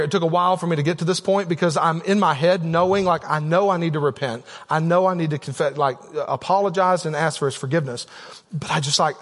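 A man's voice: on the high side, fairly quick, a bit bright. A man preaching a sermon as a pastor, telling a candid personal story with frequent asides to the congregation. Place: church sanctuary. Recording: long reverb of a church hall.

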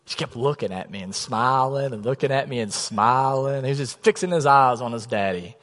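A pastor in his thirties preaching a sermon, telling stories in a relaxed, conversational way. His voice sits at an ordinary male pitch and often sinks to a quiet, low tone to drive a point home. The sound carries the long reverb of a church sanctuary. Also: fairly quick. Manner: storytelling, conversational, drops to a soft low voice for emphasis.

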